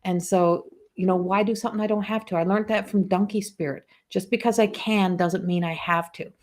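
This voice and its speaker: A woman's voice: mid-range voice, fairly even intonation, fairly quick. Woman spiritual coach, rambling and chatty. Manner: rambling, storytelling, frequent restarts. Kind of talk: casual live-stream talk.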